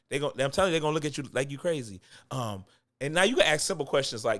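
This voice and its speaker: A man's voice: medium pitch, expressive, fast, fairly bright tone. Man coaching actors, casual and emphatic. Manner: conversational, repeats points for emphasis, chuckles between lines. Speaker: acting coach. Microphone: close microphone.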